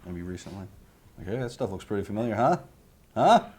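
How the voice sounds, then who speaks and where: Low-voiced man asking probing questions. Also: very animated, fairly quick, a little mellow, breathy edge. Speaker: interviewer. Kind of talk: casual interview questions.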